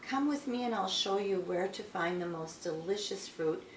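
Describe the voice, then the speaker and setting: A woman voicing a gentle mother bat in a storybook reading, speaking softly and low. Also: lively intonation, moderate pace, a little hiss or hum, natural voice. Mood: soothing. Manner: soft, low, soothing. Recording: roomy, a bit distant.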